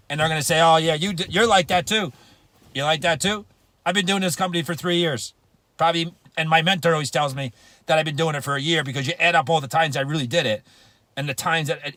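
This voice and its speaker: A man's voice: fairly high pitch, pushed and bright, no echo. A man giving a motivational business talk, emphatic and slangy, repeating phrases for punch. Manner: slangy, casual grammar. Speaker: network marketing speaker.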